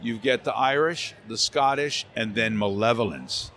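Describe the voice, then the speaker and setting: A man talks with a voice actor's lively, animated delivery, now and then dropping into character voices mid-story. He sits in a convention center hall with a faint crowd hum behind him, at an ordinary middle pitch. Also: moderate pace. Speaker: voice actor guest.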